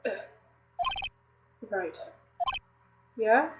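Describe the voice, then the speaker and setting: A woman's voice: a little high, animated, extremely slow, lo-fi sound, background noise. A woman streamer voicing all the characters of a detective game, close to tears, chatting to viewers between lines. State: tearful, close to crying. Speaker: streamer voicing a visual novel. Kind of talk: reading game dialogue aloud with voice acting.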